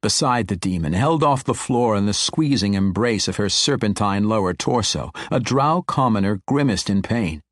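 A man narrating a fantasy audiobook in a steady, measured storytelling manner. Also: lowish voice, no echo, studio quality.

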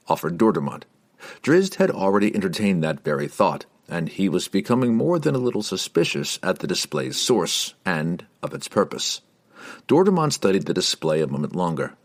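A man narrating a fantasy novel in a measured, expressive reading. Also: low voice, husky. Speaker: audiobook narrator.

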